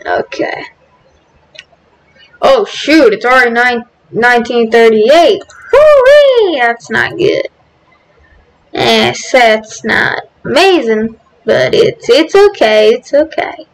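Excitable woman for let's-play commentary, high voice, unhurried delivery, breaks into cheers. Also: gravelly, low-quality recording. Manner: excitable, bursts into cheers and shouts. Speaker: gaming video host.

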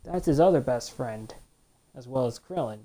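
A woman's voice: very deep voice, expressive, normal speed, warm tone. A woman hosting a let's play, giving chatty, rambling commentary and retelling scenes from the show. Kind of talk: casual gameplay commentary.

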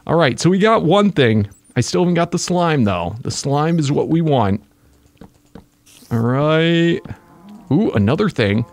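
Man, let's play commentary, gravelly voice, lively swooping pitch, dry close sound. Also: a little slow, dry recording. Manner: excitable, exclaims at creatures. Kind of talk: casual gaming commentary.

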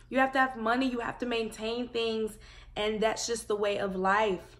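A young woman with a bright, keen edge to her voice and a somewhat high pitch vents about adult life. She rambles profanely, swinging from muttering to loud outbursts. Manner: profane, animated venting with sudden loud bursts. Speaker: vlogger. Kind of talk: rambling personal vent.

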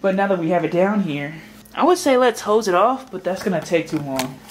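A woman chatting casually to camera in her home kitchen, slangy and thinking out loud, now and then slipping into a put-on British accent. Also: on the low side, very animated, brisk, a little hiss or hum. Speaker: vlogger. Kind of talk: casual vlog chat.

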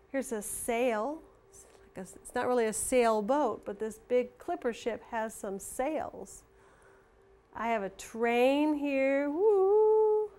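Slow-paced woman teaching young children. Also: a little high. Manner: slow, patient, show-and-tell delivery; gets excited calling a pretend horse race. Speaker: homeschool phonics teacher. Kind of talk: video lesson for young children.

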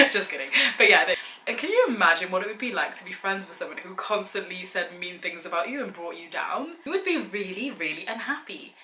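A woman's voice: on the low side, animated, fairly quick, sharp tone. A young woman giving a casual, earnest motivational talk to her viewers, chatty and full of direct challenges. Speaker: fitness and wellbeing vlogger. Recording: echoey room, faint background hiss.

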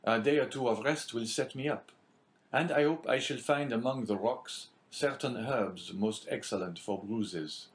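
A man's voice: mid-range voice, measured pace, lightly acted. A man doing a stubborn wounded sailor. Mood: insistent. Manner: insistent, somewhat raised over the narration. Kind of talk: audiobook character reading.

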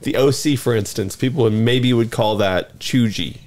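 A man's voice: mid-range voice, normal speed, a little mellow. A man hosting a podcast, reading out slang definitions in casual chat.

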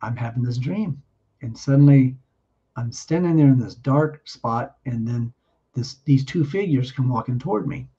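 Earnest man telling a testimony, mellow voice. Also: medium pitch, lively intonation, breathy edge, dull audio. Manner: earnest, halting with frequent restarts. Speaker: guest giving testimony. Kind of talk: personal testimony storytelling.

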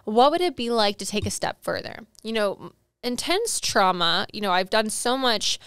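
A woman's voice: mid-range voice, very animated, normal speed, a bit bright, smooth, dry recording, studio quality. A woman hosting her own podcast, telling a personal story in an earnest, emotional way, full of fillers and repeated words. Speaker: podcast host and sales coach.

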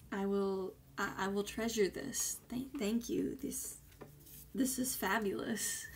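A woman's voice: mid-range voice, a little hiss or hum. A woman chatting casually as a vlogger, gushing and effusive, with hesitant fillers. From United States. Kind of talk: casual unboxing chat.

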